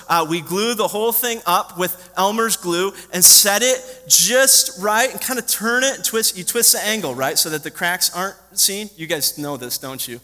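Preacher guy, high bright voice, lively sermon storytelling, big echoey church. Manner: animated storytelling preacher, quizzing the children. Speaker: pastor. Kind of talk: sermon to a congregation. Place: church sanctuary. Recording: long hall reverb.

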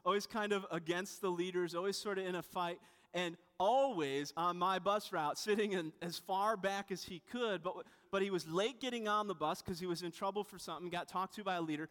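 A man's voice: high voice, a little fast, a bit bright, clear, resonant tone. A man preaching a sermon in a conversational, storytelling way, often restarting and adding asides. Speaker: pastor. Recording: long hall reverb.

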